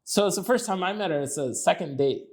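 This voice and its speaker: A man's voice: high voice, animated, quick pace, darkish tone. A man co-hosting a podcast, telling dating stories in casual chat. He swears and laughs through his own stories. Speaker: podcast co-host.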